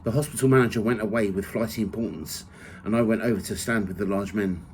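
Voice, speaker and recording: A man reading from his own memoir in the first person, measured and steady. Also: fairly low pitch, a little hiss or hum, poor audio. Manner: measured reading, rising loud for quoted shouts.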